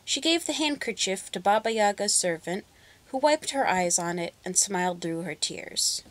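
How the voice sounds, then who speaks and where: A woman reading a fairy tale aloud, narrating in an expressive, measured way. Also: medium pitch, no echo. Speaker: storyteller. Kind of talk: storybook reading.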